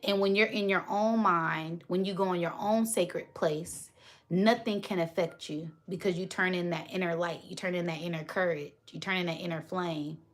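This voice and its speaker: A woman's voice: fairly low pitch, fairly even intonation, normal speed. Woman, spiritual reader, affectionate and preachy, live-stream chat.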